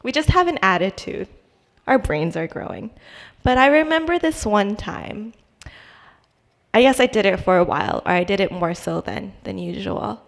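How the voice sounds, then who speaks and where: A young woman with a gravelly, medium-pitched voice and lively intonation speaks at normal speed while giving her testimony in church. Her delivery is conversational and halting, with frequent restarts and fillers, echoing in a long hall reverb.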